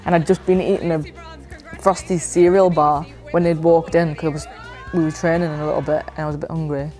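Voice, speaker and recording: A woman's voice: low-pitched, little pitch movement, fairly quick, mellow. A woman in her twenties from England, a professional footballer chatting casually and laid-back as she looks back over match footage. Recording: background music under voice.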